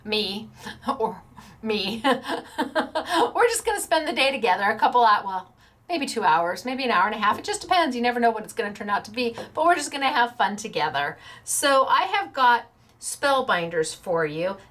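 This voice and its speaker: A woman's voice: on the high side, big pitch swings, moderate pace, fairly bright tone. A woman hosting a paper-crafting show, talking in a bubbly, chatty way, laughing often and acting out little quotes. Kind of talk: casual chatty livestream.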